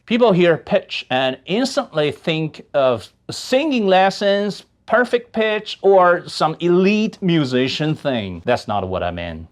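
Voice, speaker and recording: A man whose first language is Chinese, teaching a music lesson and speaking slowly and deliberately, with sung and hummed examples. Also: mid-range voice. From China. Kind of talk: talking-head music lesson.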